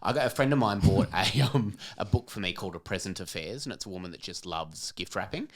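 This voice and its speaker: A woman in her thirties banters on a comedy podcast, cracking cheesy puns. Her voice rises and falls a lot, bright with mischief in how she stresses punchlines. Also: very deep voice, animated, fast. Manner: joking, reads corny puns with playful emphasis. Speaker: podcast co-host. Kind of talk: casual comedic podcast chat.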